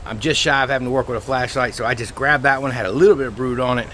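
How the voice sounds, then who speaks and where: A man, a beekeeper telling a rambling, folksy story outdoors in his bee yard, his voice a little squeaky from the dry air. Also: steady tone, rapid-fire, sharp tone, a little hiss or hum. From Louisiana, USA. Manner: chatty, folksy, rambling with restarts. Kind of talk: casual vlog storytelling.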